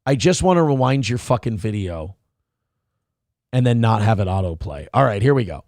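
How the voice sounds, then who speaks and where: A man's voice: on the low side, very animated, normal speed, a little mellow, no echo, studio quality. A man hosting a live-streamed commentary show, rambling and joking crudely while reading out chat comments. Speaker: host.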